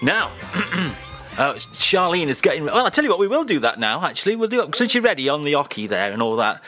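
A man's voice: fairly high pitch, fast, over music. A man presenting a radio show, playful and jokey, bantering from a studio. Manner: playful, jokey, animated delivery. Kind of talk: comic radio chat.

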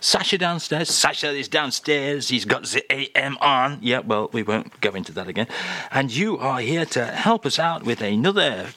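A man's voice: mid-range voice, lively intonation, moderate pace, pushed and bright. A man hosting a radio show, bantering dryly and playfully in a casual way. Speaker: radio host.

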